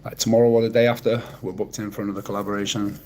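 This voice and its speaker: This is a man from Manchester with a low, deep voice, talking loosely to his livestream viewers. He reacts to comments in a laid-back, dry and sarcastic way and swears casually as he goes. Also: level tone, very fast, very noisy. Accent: Mancunian. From Manchester, England. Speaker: livestreamer reading chat. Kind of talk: casual live-stream chat.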